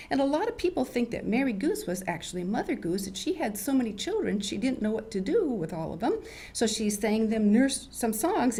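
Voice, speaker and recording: An older woman hosting a children's show, reading stories in an animated, sing-song way. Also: mid-range voice. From United States. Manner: animated, sing-song storyteller, acts out loud and whispered voices. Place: studio.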